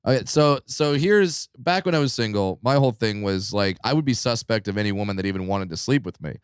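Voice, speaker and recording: A man's voice: on the low side, lively intonation, brisk, smooth, dry recording, studio quality. A middle-aged man who is a comedian guest on a podcast, chatting casually and wryly, with frequent stammering restarts. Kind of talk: casual chat.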